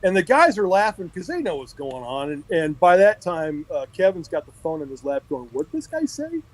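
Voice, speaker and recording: A man, a guest on a live video call, telling a rambling story with lots of pauses and restarts. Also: fairly high pitch, expressive, no echo, poor audio. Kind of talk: casual storytelling on a livestream.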